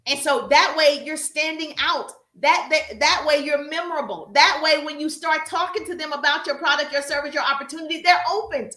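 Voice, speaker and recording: A woman's voice: high voice, fairly even intonation, fairly quick, few pauses, bright, forceful tone, echoey room. A woman coaching viewers on a live stream, talking emphatically, repeating herself and calling them "baby" and "pretty people". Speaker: social media coach hosting a live stream. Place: livestream while working out.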